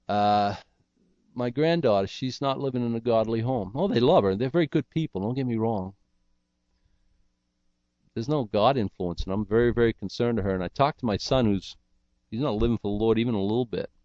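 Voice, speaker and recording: A man's voice: fairly low pitch, moderate pace, pauses often, a little mellow, no echo, muffled recording. Earnest older man preaching. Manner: folksy, earnest, self-deprecating humor. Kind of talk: sermon.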